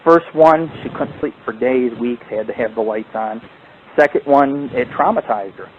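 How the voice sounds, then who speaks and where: A man telling a rambling, profane ghost story at an ordinary pitch. His voice comes through a tinny, phone-like line with a faint hiss underneath. He swears freely and keeps the story moving. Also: normal speed. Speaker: paranormal radio show host. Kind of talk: casual storytelling chat.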